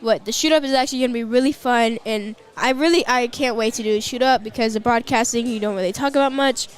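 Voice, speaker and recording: A young woman co-hosts a live stream on a close mic, talking in a loose, rambling way full of fillers and quick giggles. Her voice sits a little high. She sounds casual and unscripted. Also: smooth. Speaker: livestream co-host.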